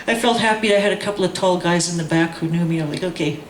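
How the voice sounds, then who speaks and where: Woman, animated storyteller, acts out voices, roomy room, faint background hum. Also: fairly low pitch, fast talker. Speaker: guest storyteller. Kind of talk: casual storytelling.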